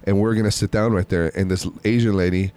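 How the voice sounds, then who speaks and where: Casual male storyteller, lowish voice, rambling, loose delivery. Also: steady tone, fast, darkish tone, clear, resonant tone. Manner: rambling, with many fillers and restarts.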